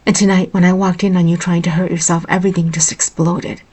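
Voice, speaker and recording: A woman voicing a devoted young male royal guard in a storybook reading, speaking softly and earnestly. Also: on the low side, little pitch movement, fast, natural voice. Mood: tender.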